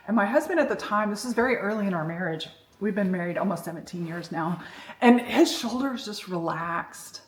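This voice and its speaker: Her voice mid-range and fairly quick, a middle-aged self-development speaker shares her personal story with frankness. The monologue is candid and reflective, and the room echoes.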